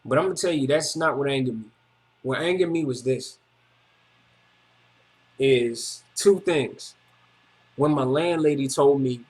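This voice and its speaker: A man's voice: fairly high pitch, moderate pace. A man vlogging a personal story in a casual, rambling monologue, agitated, repetitive and full of slang.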